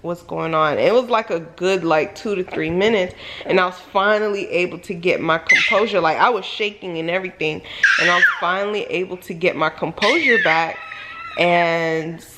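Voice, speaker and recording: A woman vlogger telling a personal story in a casual storytime monologue, full of "like"s and sudden high, loud exclamations. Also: normal speed, noisy background. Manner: animated, filler-heavy retelling with many "like"s.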